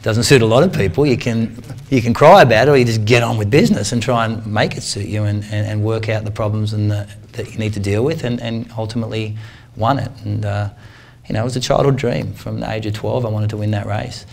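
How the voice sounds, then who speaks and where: A man in his forties giving a talk to a club, telling a story in a lively, slangy way and acting out what people said. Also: lowish voice, brisk, creaky. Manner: animated, slangy storyteller who acts out the people in his stories. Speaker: guest speaker, triathlete.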